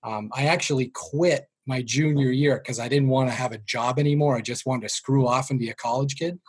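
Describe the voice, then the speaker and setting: In a storytelling interview, a middle-aged Boston-area sales trainer speaks briskly in a steady tone, with a husky, rough-edged voice and a Boston accent. Jokey and self-mocking, he drops his voice when repeating what his parents said.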